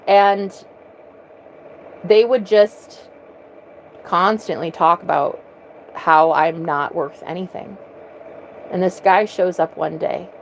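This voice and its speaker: A woman's voice: medium pitch, a little hiss or hum, poor audio. A woman vlogger telling a personal story earnestly, often repeating words as she restarts.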